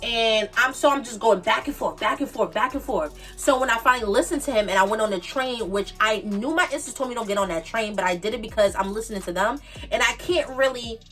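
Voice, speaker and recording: A young woman tells a story in an emphatic, repetitive, slangy way, with a fairly high voice. She sits a bit back from the mic. Soft music plays faintly underneath. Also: brisk, recorded from a distance. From the Bronx, New York. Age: 20s. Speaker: vlogger. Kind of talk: casual storytime.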